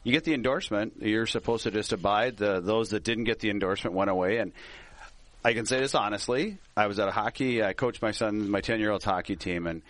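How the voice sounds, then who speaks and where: A man's voice: on the low side, fairly quick, fairly bright tone, no echo. A middle-aged man from Minnesota, a politician guest, telling stories in a casual talk show and laughing often.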